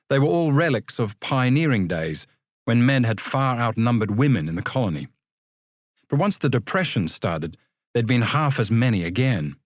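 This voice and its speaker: A man reading a novel aloud as an audiobook narrator, with an expressive storytelling delivery. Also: on the low side, no room sound, clean studio sound.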